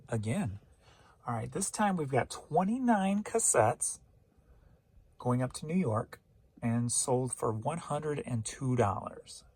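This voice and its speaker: Easygoing male vlogger from St. Louis, raspy low-key delivery, casual chat. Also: a little mellow. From St. Louis, Missouri. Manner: easygoing and chatty, with quick asides. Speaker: eBay reseller. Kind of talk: casual vlog narration.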